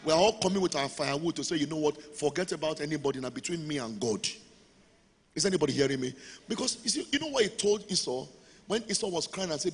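A man's voice: a little high, animated, fast, breathy edge. A man preaching a sermon as pastor, leading the congregation in call-and-response. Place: large church hall. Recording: long hall reverb with music.

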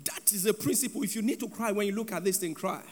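A man's voice: sits high, fast talker. A man preaching a sermon in a church hall, with a sing-song cadence and calls for the congregation to repeat after him. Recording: long hall reverb with faint background music.

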